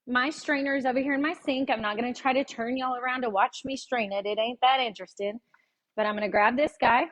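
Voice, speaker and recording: A woman talks her viewers through a recipe in her home kitchen. Her voice sits a little high, and she keeps the tone chatty and folksy, breaking into easy laughter. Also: fairly bright tone. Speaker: cooking show host. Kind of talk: casual live cooking demonstration.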